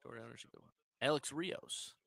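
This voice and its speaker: A man's voice: mid-range voice, a little fast, gravelly. A man hosting a local sports radio show, chatting casually and telling stories while acting out the people in them. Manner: animated storyteller who acts out quoted people. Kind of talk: casual sports chat and storytelling.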